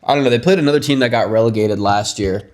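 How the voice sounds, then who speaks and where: A man's voice: mid-range voice, fast. A man co-hosting a podcast, talking eagerly about sports in a chatty, hedging way. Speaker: podcast co-host. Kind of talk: casual chat.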